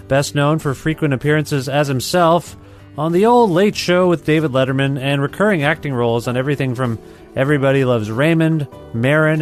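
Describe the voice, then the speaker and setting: A man hosting a podcast, reading a scripted intro and then asking halting, soft-spoken questions with restarts. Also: medium pitch. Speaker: podcast host. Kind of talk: scripted intro and casual interview.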